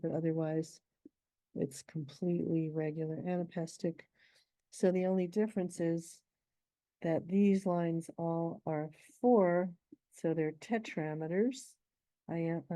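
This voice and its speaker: A woman's voice: deep voice, mellow, dry recording, rough recording. A middle-aged woman teaching poetic meter in a patient lesson, thinking aloud as she works through lines. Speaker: poetry teacher.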